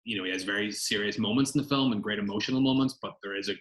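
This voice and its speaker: A man's voice: lowish voice, rapid-fire, fairly bright tone, roomy sound, low-quality recording. A man, a film director answering interview questions in a chatty, rambling way with many fillers.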